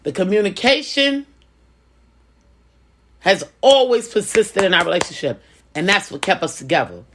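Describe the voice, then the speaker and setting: A woman's voice: medium pitch, animated, moderate pace, pauses often, a bit bright, slight background noise. A woman in a casual vlog, giving life advice in a conversational, preaching way and often repeating phrases. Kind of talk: casual personal talk.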